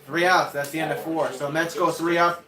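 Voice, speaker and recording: A man with a high voice runs a casual baseball watch-along from a room at home, calling pitches between rambling asides. He talks loosely and swears freely. The sound carries a roomy echo. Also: flat delivery, normal speed, a crowd in the background. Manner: chatty, profane, drifts off topic. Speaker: livestream watch-along host. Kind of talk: casual play-by-play commentary.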